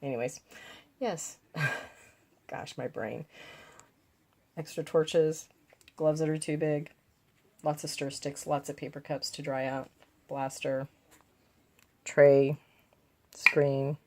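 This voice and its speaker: As she paints, a craft vlogger chats casually, thinking out loud about her decisions and throwing in playful asides. She speaks slowly in a low, slightly mellow voice, flat in delivery, with long pauses.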